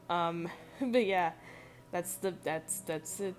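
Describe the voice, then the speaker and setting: A woman's voice: mid-range voice, normal speed, soft background music. A woman narrating a voice-over about her own drawings in casual, rambling chat, congested and swearing freely. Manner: rambling, loose and swearing a lot. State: congested, nasal. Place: home recording, voice-over over drawing footage.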